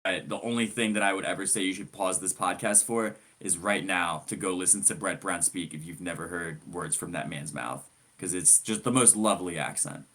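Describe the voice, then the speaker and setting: Laid-back, lower-voiced male podcaster. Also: a little fast. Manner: relaxed, conversational, joking. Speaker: podcast co-host. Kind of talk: casual sports chat.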